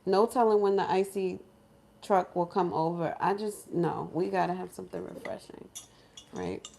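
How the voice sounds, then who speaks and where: A woman from New York, a lifestyle vlogger, telling a story in casual chat in her home kitchen, animated and laughing, acting out other people's voices. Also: lowish voice, normal speed, vocal fry, a little hiss or hum. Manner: animated, laughing, acts out crying voices in quotes.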